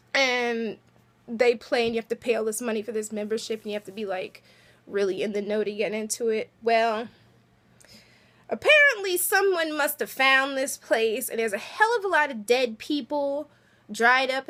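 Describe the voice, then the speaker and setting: Chatty high-voiced woman vlogger. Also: fairly bright tone. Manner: chatty, giggly, lots of filler words. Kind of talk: casual episode recap.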